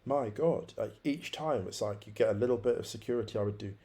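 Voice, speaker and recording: A man of about forty speaks low and gravelly as a podcast guest. He muses aloud in a conversational way and circles back on his own phrases for emphasis. He sounds like a thoughtful storyteller. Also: fast, mellow. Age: around forty. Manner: musing, repeats phrases for emphasis.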